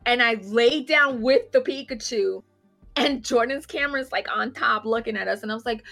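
A woman on a podcast telling a funny convention story in casual chat, animated, laughing often and acting out the people she quotes. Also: on the high side, normal speed, creaky, soft background music.

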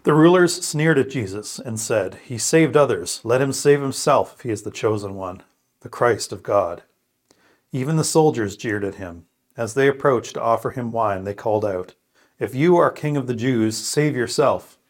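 Animated and mid-range, the voice belongs to a scripture podcast co-host who prays, reads scripture aloud, and reflects. He's earnest and thoughtful, pausing and restarting as he goes.

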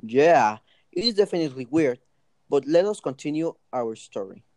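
A male narrator reading a scripted story in a plain, steady way. His voice is mellow and soft-edged. The recording is dry and close. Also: fairly high pitch, normal speed, no echo, low-quality recording. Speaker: narrator and co-host.

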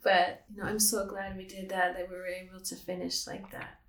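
A woman's voice: mid-range voice, completely flat delivery, fairly quick, roomy sound, slight background noise. A woman telling a long story in a casual chat, rambling with many fillers. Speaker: guest, pastor's wife.

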